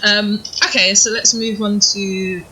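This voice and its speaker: A British woman hosts a fighting-game tutorial in an upbeat voice at a middle pitch, steering her guest with questions. Loud steady noise runs under her recording. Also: normal speed. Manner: upbeat, guiding questions, laughs easily. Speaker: host. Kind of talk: hosted gaming tutorial interview.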